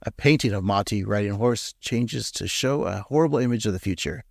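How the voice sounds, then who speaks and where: A man hosting a podcast, recapping an episode and teasing his co-host in a lively way. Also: on the low side, brisk, vocal fry, no room sound, studio quality. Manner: teasing, animated.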